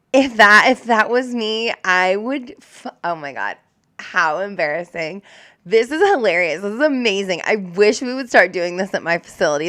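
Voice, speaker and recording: A woman's voice: medium pitch, a bit bright, dry recording, studio quality. A young woman who works as a corrections officer, reacting to news clips in casual, blunt, profane chat full of "like". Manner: blunt, profane, chatty with many likes.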